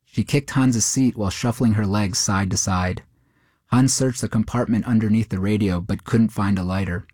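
A man narrating a short story in a steady, measured way. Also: fairly low pitch, no echo, clean studio sound.

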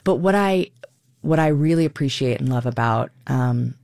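Expressive woman actor in a dry studio. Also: rumbling low, moderate pace, creaky, dry recording. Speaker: stage actor, guest. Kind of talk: radio interview.

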